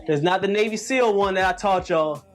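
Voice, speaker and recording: A man's voice: high-pitched, a little fast, faint music behind. A man in his late thirties coaching a live calisthenics workout, repeating cues and preaching about hard work. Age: late 30s. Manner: preachy, repetitive motivational cues.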